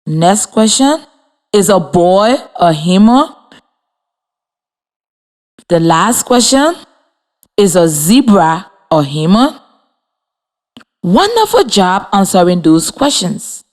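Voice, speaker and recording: A woman teacher giving a scripted radio lesson to children, encouraging and clear, spelling words out letter by letter. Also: mid-range voice, big pitch swings, slow pace, pauses often, darkish tone. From Liberia. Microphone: radio studio mic.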